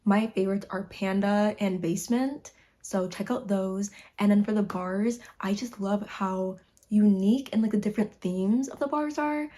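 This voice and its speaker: A mellow, mid-range female voice at normal speed belongs to a Chicago vlogger in her twenties. She chats casually to the camera from a room at home in winter, bubbly and saying "like" constantly.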